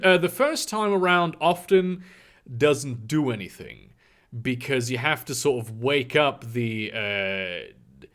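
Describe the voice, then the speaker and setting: A man casually chatting on a livestream, reading out and answering viewer comments in a halting, rambling way with many fillers and some swearing. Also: mid-range voice, fairly bright tone. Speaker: live streamer answering chat.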